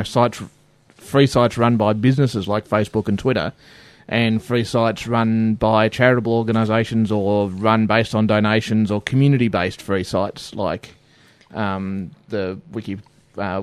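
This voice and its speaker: A man's voice: mid-range voice, smooth, dry recording. A man co-hosting a casual tech podcast, thinking aloud and restarting sentences as he works out his point. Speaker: podcast co-host.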